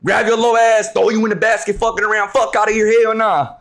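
A young man live streaming, loudly talking to his chat with profane, hyped trash talk and frequent shouting. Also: high-pitched, little pitch movement, fast talker.

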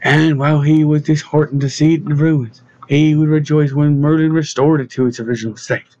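A man narrating an audiobook in a steady reading voice, giving the characters their own voices. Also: fairly high pitch, brisk, no echo. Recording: dull lo-fi dry sound.

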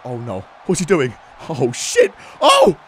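A young man giving loud, excitable gameplay commentary, swearing often and bursting into laughs. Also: a little high, moderate pace. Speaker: gaming YouTuber.

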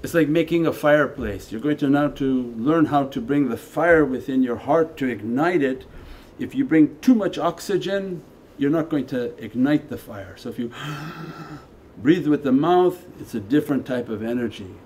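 Soft-toned male Sufi teacher, conversational. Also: medium pitch, expressive, moderate pace, a little hiss or hum. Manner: conversational, shifting between quiet asides and emphatic lines. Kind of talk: spiritual lecture and Q&A answer. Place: meditation center hall.

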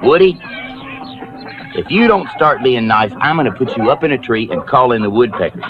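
A man's voice: mid-range voice, animated, normal speed, over music, natural voice. A man playing a goofy, overconfident man-child who chats in a folksy, chummy way, from a lo-fi 1980s TV broadcast. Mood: teasing. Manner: folksy, chummy, keeps saying "know what I mean". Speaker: folksy comedy show host.

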